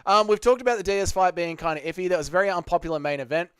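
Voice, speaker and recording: A man's voice: high voice, animated, racing, clear, resonant tone, no echo. A man hosting a casual livestream, reading chat comments aloud and arguing back. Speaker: livestream host answering chat.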